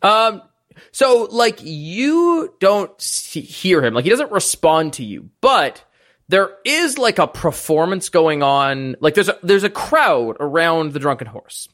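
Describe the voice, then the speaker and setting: A man's voice: fairly high pitch, big pitch swings, slow, a bit bright. A man running a tabletop game as game master, narrating casually with lots of fillers.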